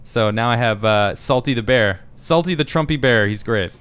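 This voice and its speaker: Guy reading chat comments on his podcast, quick little reactions, middle pitch. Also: fairly bright tone, clear, resonant tone. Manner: reads comments aloud, reacts with quick asides. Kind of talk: casual live-stream chat.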